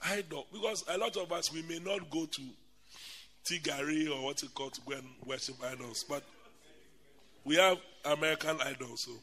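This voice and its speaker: A man preaching a sermon as a bishop, telling stories animatedly and calling out a list with loud, stressed emphasis. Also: a little high, moderate pace. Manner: animated, bursts into loud emphatic shouts and laughter; lists items in a loud, stressed cadence. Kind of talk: sermon with comic storytelling.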